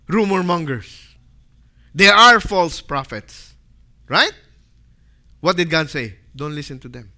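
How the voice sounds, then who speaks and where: A man preaching a sermon, dramatic and full of rhetorical questions, swinging from loud to hushed. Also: mid-range voice.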